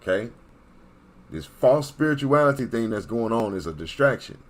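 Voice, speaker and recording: A man's voice: mid-range voice, expressive, normal speed. A man giving an emphatic, preachy monologue as an online commentator, repeating points and checking in with his listeners. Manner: emphatic, repetitive, checks in with "Okay?".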